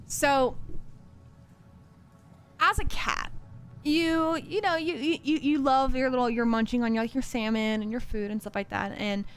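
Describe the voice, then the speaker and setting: A woman's voice: high voice, fairly even intonation, measured pace, long pauses, clear, resonant tone. A woman narrating as game master of a tabletop game, rambling with many fillers. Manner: rambling, filler-heavy, laughing.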